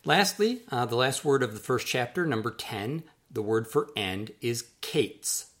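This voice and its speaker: A man with a mid-range voice works through a word list at an unhurried pace. He says each term deliberately and repeats it so the listener can follow along. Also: mid-range voice, lively intonation, fairly bright tone. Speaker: author teaching word pronunciation. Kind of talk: slow, careful pronunciation lesson.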